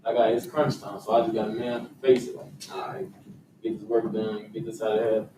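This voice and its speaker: A teenage high school senior talks casually, with plenty of slang. He is well away from the mic in an echoey room. A faint hiss runs under his voice. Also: level tone, a little fast, far from the mic. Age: teens.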